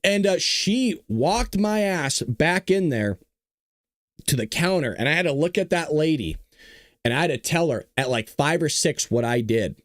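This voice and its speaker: A man in his thirties hosting a casual talk show, telling stories in an animated, joking way and laughing often. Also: fairly high pitch, a little slow, dry recording, studio quality. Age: 30s. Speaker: host of a political talk show. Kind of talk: casual livestream talk and storytelling.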